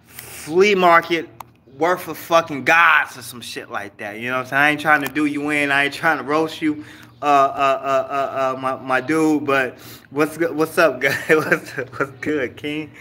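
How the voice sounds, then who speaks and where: A man's voice: on the high side, normal speed, pushed and bright, a little hiss or hum. A man hosting a casual livestream, chatting loosely with viewers, teasing and cursing freely. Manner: loose, profane, teasing banter with chat. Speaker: livestream host.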